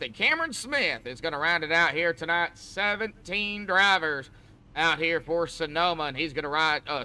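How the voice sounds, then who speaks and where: Commentating the sim race, this man sounds a little high with a sharp yet smooth tone. He's a friendly, down-home host who chats with the drivers as buddies.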